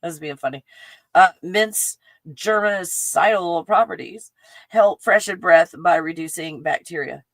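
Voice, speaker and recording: A chatty woman with a Texan accent rambles excitedly through a casual livestream, her voice sitting fairly low. She piles on fillers as she talks. The sound is close and dry, with no room echo. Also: normal speed. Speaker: livestream host. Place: home in the mountains.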